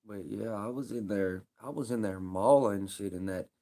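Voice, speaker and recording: A man's voice: fairly low pitch, normal speed, warm tone. A man telling stories on a livestream in blunt, profane, laid-back street talk. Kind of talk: casual storytelling on a livestream.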